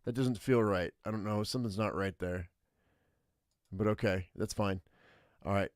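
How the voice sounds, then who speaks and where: A man's voice: on the low side, normal speed, no echo, clean studio sound. A man streaming a live text adventure, thinking aloud and reading the story with many hesitant fillers. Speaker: streamer playing an interactive fiction game.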